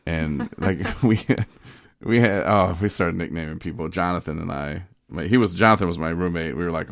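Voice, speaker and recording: A man hosting a podcast, telling a story in a rambling, animated way and laughing often. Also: low-pitched, a little fast, creaky, no room sound, studio quality. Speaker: podcast host. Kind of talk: casual storytelling.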